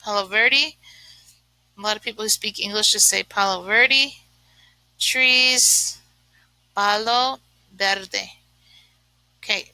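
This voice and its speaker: A woman with a fairly high, pushed, bright voice, captured on a dry, rough recording. She's teaching a remote lesson, chatting and thinking aloud as she writes, and her speech is full of fillers. She keeps sneezing from allergies.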